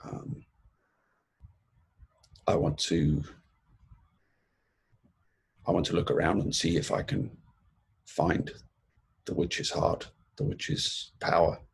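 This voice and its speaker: A man's voice: sits low, slow, vocal fry, long pauses, slightly rough. A man playing a tabletop game, talking in a hesitant, thoughtful way. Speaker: player. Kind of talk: tabletop role-play.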